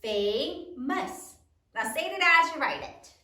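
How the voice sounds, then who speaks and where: Bright-voiced woman teacher, echoey room. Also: sits high, lively intonation, distant mic. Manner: sounds out letters slowly and clearly, cheerful. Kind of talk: spelling lesson for children.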